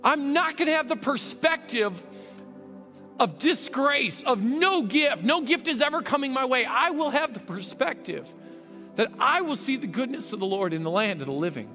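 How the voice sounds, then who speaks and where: A man's voice: very high voice, big pitch swings, moderate pace, sharp tone, soft background music. A man preaching a sermon as a pastor, earnest and rising to fervent emphasis. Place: church sanctuary. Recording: long hall reverb.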